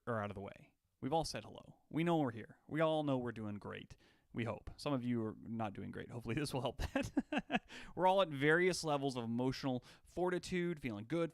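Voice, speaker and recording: A man's voice: mid-range voice, dry recording, clean studio sound. A young man from Alaska hosting a casual livestream, chatty and jokey, greeting viewers by name. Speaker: livestream host. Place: on his home deck.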